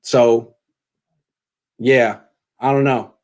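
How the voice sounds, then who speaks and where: A man's voice: mid-range voice, steady tone, drawn-out words. A young man hosting a postgame live stream, joking sarcastically and answering donations, his voice cracking when he gets worked up. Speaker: sports show host.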